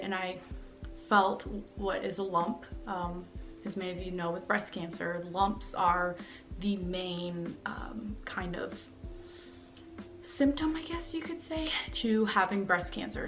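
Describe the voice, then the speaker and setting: A young woman talks straight into her camera at home, candid and a little scattered, full of ums and restarts. Her voice sits at an ordinary middle pitch, and faint music plays quietly underneath. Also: a little slow. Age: young adult. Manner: rambling and candid, with many fillers. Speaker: vlogger. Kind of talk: personal vlog talking to camera. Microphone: camera mic, talking to camera.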